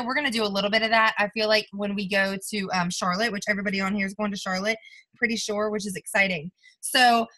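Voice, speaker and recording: Woman giving her team a pep talk, super bright tone, a bit high, blunt and pushy, lots of "right?" and "like". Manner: direct, emphatic, pushes her listeners; chatty, with many "like" and "right?" tags. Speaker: team leader coaching her sales team. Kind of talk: motivational team call.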